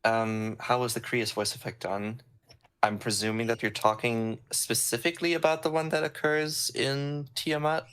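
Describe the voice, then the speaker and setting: A man working as a sound designer, chatting casually on a stream in a relaxed, rambling way with many pauses and ums, over a call microphone. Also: medium pitch, clean tone.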